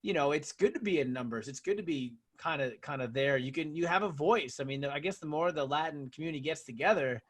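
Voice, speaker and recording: A man's voice: a little high, fast, hardly any pauses. A man hosting a podcast, chatting agreeably with his guest and using lots of "like" and "you know". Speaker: podcast host. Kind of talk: casual interview talk.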